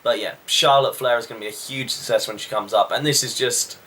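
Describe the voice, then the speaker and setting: A man recapping a wrestling show in a casual, rambling review with quick asides. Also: mid-range voice, fairly even intonation, sharp tone.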